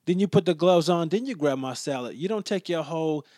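A man tells a story in a loose, exasperated rant, heavy on the swearing and deadpan in its delivery. His voice sits a bit high for a man, and he now and then sinks into quiet, low mutters. The recording is dry and close, with no room sound. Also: brisk, dry recording. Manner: drops to low mutters in asides.

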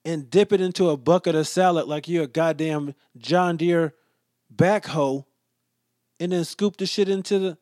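A man telling a story in a casual rant, profane and exasperated, sometimes dropping to low muttered asides. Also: moderate pace, a little mellow, no room sound, clean studio sound.

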